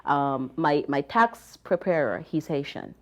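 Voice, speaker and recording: Jamaican woman, low-pitched, animated storyteller, casual panel guest. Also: unhurried. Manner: chatty, animated anecdotes with many fillers.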